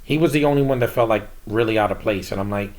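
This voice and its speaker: Male vlogger, slightly low voice, loose rambling delivery, frank opinions. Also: fast talker, a little mellow. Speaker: YouTube movie reviewer. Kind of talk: casual solo review.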